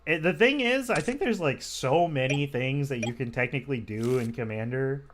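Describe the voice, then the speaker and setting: A man's voice: mid-range voice, animated, normal speed, over music. A man commentating on a card game match, talking casually and rambling through stories with lots of filler words. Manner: rambling, filler-heavy storytelling.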